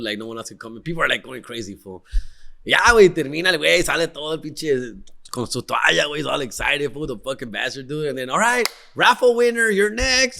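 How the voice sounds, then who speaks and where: A young man tells wild stories on his podcast, slangy and excitable, dropping Spanish in as he goes. His voice is forceful and tense. It sits a touch higher than most men's. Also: gravelly. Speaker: podcast host. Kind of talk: casual storytelling.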